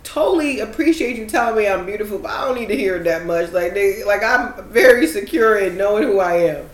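A young woman in casual group chat, animated and swearing when worked up. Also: medium pitch, fairly quick. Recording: echoey room with faint noise.

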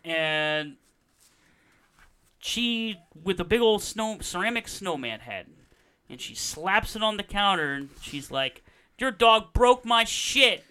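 A man's voice: high-pitched, expressive, takes it slowly, bright, forceful tone, clear, resonant tone. A man co-hosting a podcast, recapping a movie in playful, profane banter, acting out the characters as he tells it. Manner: profane, playful, acts out characters mid-story. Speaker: podcast co-host.

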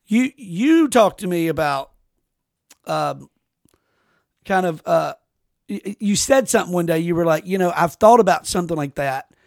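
A man's voice: sits high, animated, normal speed, creaky, pauses often, darkish tone, no room sound, clean studio sound. A man hosting a podcast, telling rambling, profane stories with lots of restarts. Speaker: podcast host. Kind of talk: casual podcast chat.

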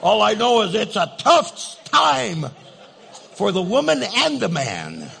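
An older man preaches with a playful, joking storytelling manner. His voice is gravelly and a little husky, sitting somewhat high for a man. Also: wildly swooping pitch, takes it slowly, a bit bright. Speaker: pastor. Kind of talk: sermon.

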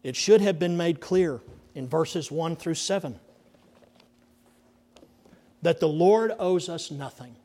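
A middle-aged man preaching a sermon in a fairly high voice. He takes his time with each phrase, sinking into near-whispers to drive a point home. The delivery is earnest and deliberate. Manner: dramatic, drops to hushed near-whispers for emphasis. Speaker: pastor.

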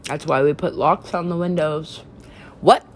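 A woman's voice: low voice, fairly even intonation, moderate pace. A woman talking in a rambling, profane, stream-of-consciousness way, in a casual monologue.

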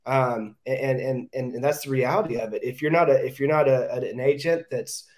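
Man, real estate agent, podcast guest, direct, repeats words, mid-pitched voice. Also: moderate pace, darkish tone. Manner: direct, repeats words when thinking aloud. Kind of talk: casual interview talk.

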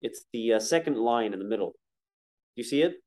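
A man leads a relaxed Torah class at a middle pitch. He talks to his students conversationally and stretches out Hebrew verses when he chants them. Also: moderate pace. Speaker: rabbi teaching a prayer-book class.

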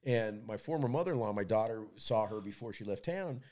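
A man's voice: on the low side, lively intonation, fairly quick, darkish tone. A man co-hosting a podcast in casual chat, telling blunt, profane stories and often repeating words as he goes. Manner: storytelling, repeats words while he talks. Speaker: podcast co-host.

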